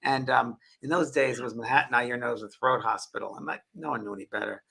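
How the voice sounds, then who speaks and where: An older man hosting a casual talk show, telling stories in an animated way. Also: mid-range voice, creaky, breathy edge. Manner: storytelling, animated, quick. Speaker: host. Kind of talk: casual conversation.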